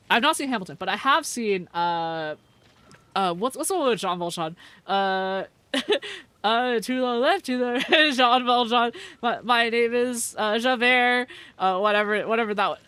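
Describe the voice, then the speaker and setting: A woman's voice: medium pitch, a bit bright, dry recording. A young woman chatting casually on a livestream, giggling often and talking in a rambling, slangy, profane way. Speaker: streamer.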